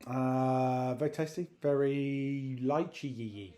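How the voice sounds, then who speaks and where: Casual guy co-hosting, jokey and rambly, keeps restarting his sentences, mid-pitched voice. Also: slow, warm tone. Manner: rambling, self-correcting, jokey. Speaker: co-host. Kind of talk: casual chat.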